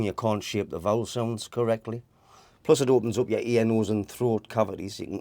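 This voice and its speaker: A man's voice: on the low side, darkish tone, no room sound. A man giving an informal voice lesson, rambling and restarting as he explains and demonstrates vowel sounds. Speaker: voice teacher.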